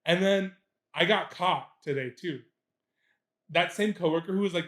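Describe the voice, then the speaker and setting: A man's voice: high-pitched, moderate pace, fairly bright tone. A young man co-hosting a podcast, telling a story in casual chat, laughing at himself and swearing freely. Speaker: podcast co-host. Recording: echoey room.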